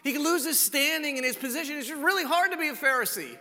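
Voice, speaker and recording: A male pastor preaching a sermon, telling the story in an animated, conversational way with rhetorical questions. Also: extremely high pitch, fast talker. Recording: echoey hall reverb.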